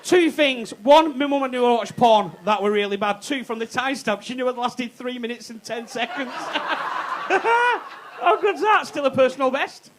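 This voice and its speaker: A man's voice: very high-pitched, moderate pace, rough recording. A man doing a cheeky stand-up comedy routine on a comedy club stage, swearing and laughing at his own jokes.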